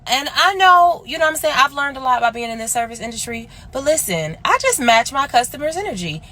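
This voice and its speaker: A woman's voice: sits high, sing-song, brisk, pushed and bright. A woman rideshare driver talking to camera in a sassy, playful, teasing way. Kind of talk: casual talk to camera.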